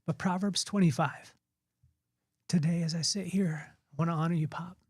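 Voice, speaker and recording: A man in his forties, a podcast host, talks through a heartfelt personal reflection, halting often with fillers and restarts, his voice tearful. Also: fairly high pitch, steady tone, slightly rough, no room sound, studio quality. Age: 40s.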